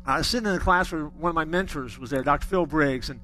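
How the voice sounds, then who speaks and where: A man's voice: fairly high pitch, fast talker, bright, forceful tone, soft background music. A middle-aged man preaching a sermon, telling stories with folksy humor. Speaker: pastor.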